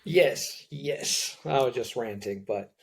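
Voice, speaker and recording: Guy with a breathy husky voice, modest, hedges a lot, casual interview chat. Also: medium pitch, slow pace. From Italy. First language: Italian. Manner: thoughtful, hedging, self-deprecating. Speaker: guest, language learner.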